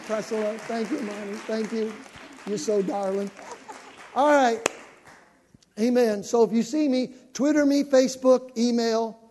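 Fired-up older pastor, high voice. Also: male voice, a little hiss or hum. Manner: animated, building to shouting. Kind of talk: sermon announcement to a congregation. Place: church sanctuary. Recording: long reverb of a church hall.

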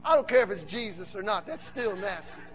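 A man preaching a sermon to a church, mixing humorous asides with animated build-ups that rise to shouts. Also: high voice, brisk, faint music behind.

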